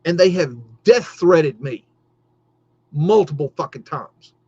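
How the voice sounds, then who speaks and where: A man's voice: fairly high pitch, lively intonation, a little slow, a little mellow, breathy edge. A middle-aged man hosting a livestream, ranting heatedly with lots of swearing and stammered restarts. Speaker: podcast host. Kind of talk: livestream rant. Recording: dull lo-fi stream audio.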